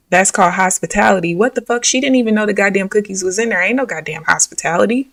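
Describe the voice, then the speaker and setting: A woman's voice: mid-range voice, quick pace, few pauses, a bit bright, dry recording, recorded from a distance. A young woman tells a rambling, exasperated story, dropping slang and swear words. Her voice is dry and sits a bit back from the microphone. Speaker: live trading streamer. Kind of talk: casual storytelling while trading live.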